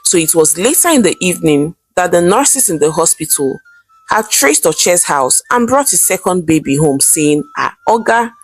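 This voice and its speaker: A woman narrates a folktale in a dramatic storyteller manner. Her voice sits slightly low. Faint background music plays under her. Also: sing-song, normal speed, husky.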